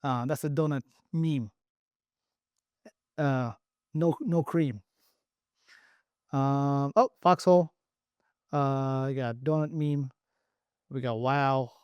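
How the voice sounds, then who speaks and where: A man's voice: mid-range voice, takes it slowly, long pauses, darkish tone, clean tone, dry recording, highs cut off. A man giving a casual, playful online lesson on letter shapes, joking and thinking aloud as he goes. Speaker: Arabic letter teacher.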